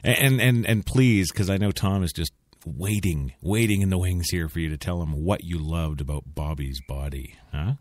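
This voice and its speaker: A man's voice: low voice, normal speed, a little mellow, dry recording. A man hosting talk radio in a studio, rambling and sarcastic between laughs. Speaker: radio host. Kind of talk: casual talk radio banter. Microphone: studio mic.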